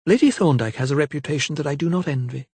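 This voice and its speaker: A man voicing a proud, agitated young gentlewoman in an audiobook, firm and brusque in manner. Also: fairly high pitch, quick pace, husky, no room sound, pitched above the performer's own voice. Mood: firm, bitter. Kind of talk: audiobook character voice.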